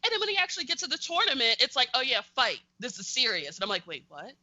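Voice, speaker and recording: Excitable young woman with a bright voice. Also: high voice, rapid-fire, dry recording, highs cut off. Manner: animated, excitable storytelling with bursts of shouting. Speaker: podcast co-host. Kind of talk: casual chat.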